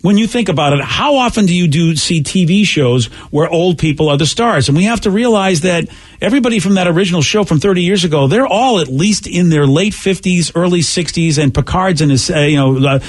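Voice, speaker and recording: Male radio host, husky and a touch high, loose rambling studio banter. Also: animated, brisk. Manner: rambling, self-correcting.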